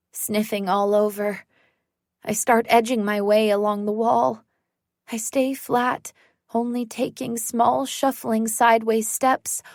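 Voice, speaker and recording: Slow, higher-voiced woman narrator. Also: a little mellow, no echo, studio quality. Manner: measured, suspenseful storytelling. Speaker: audiobook narrator. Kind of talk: first-person thriller narration.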